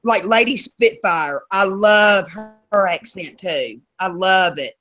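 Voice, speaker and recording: A woman's voice: mid-range voice, slow pace, a bit bright. A middle-aged woman with a Southern US accent, co-hosting a casual chat and laughing often. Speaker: co-host.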